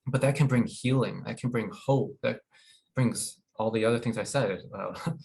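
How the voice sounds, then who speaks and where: A man presenting a wellness webinar in an informal, halting way, with many fillers and restarts. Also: medium pitch, creaky, darkish tone, rough recording. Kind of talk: informal educational talk.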